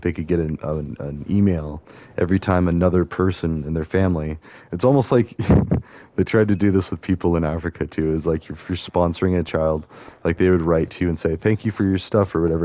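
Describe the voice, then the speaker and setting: A man with a low voice talks over a video game he is playing. His tone is dark and mellow. He rambles loosely from idea to idea, thinking aloud with plenty of fillers and restarts. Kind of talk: casual rambling commentary over gameplay.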